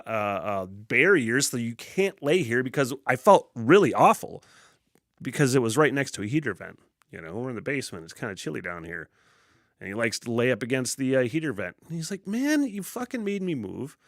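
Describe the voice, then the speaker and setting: Animated, swearing man podcasting solo. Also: medium pitch, no echo, clean studio sound. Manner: profane, animated storytelling with self-laughs. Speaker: podcast host. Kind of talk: casual solo podcast rambling. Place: basement home studio.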